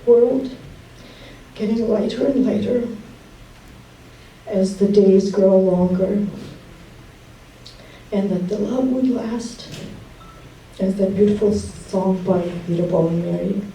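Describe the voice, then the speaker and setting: A woman giving a memorial speech for her late husband, telling warm stories and laughing often. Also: mid-range voice, slow pace, pauses often. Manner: fond, storytelling, laughs often. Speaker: widow giving a eulogy. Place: memorial gathering in a hall. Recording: distant, roomy hall sound with faint background noise.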